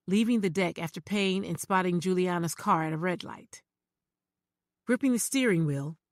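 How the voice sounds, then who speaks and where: A woman narrating a thriller audiobook in first person, measured and even. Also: fairly low pitch, dry recording, clean studio sound.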